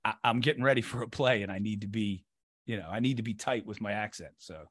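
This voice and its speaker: A man, an actor being interviewed, talking in an animated and emphatic way. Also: on the low side, fast talker, husky. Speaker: actor guest. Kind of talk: casual interview chat.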